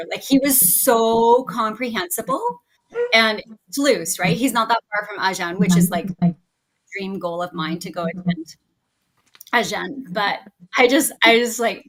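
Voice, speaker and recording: A bright, clear-toned woman, chatting as a podcast guest. She sits at a middling pitch for a woman and talks in an effusive, rambling way, often circling back and restarting her thoughts. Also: measured pace, rough recording. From Canada. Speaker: guest teacher. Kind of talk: casual podcast chat.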